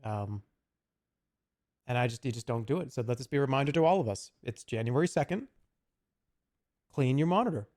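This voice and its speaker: Rambling gravelly-voiced man streamer. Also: medium pitch, expressive, fast, a little mellow. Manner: rambling, profane, slips into goofy put-on voices. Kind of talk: casual stream chat.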